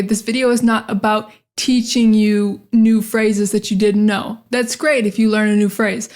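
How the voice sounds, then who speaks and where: A young American woman leads a pronunciation lesson in an upbeat, emphatic way, drilling words over and over. Her voice sits a little high for a woman. She speaks straight to her viewers like a teacher.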